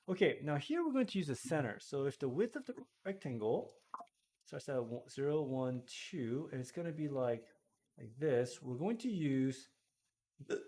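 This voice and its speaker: A man with hiccups explains a math problem step by step. He works it out aloud in a casual teaching voice, pausing to check himself and fix slips. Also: medium pitch, darkish tone, husky. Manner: thinks aloud while working problems, self-correcting. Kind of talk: screen-recorded math lesson.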